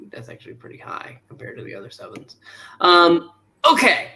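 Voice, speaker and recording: Bright-voiced man hosting a ranking panel. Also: fairly high pitch, wildly swooping pitch, moderate pace, a little hiss or hum. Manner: leads the ranking, asks each panelist in turn. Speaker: show host. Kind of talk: casual group discussion.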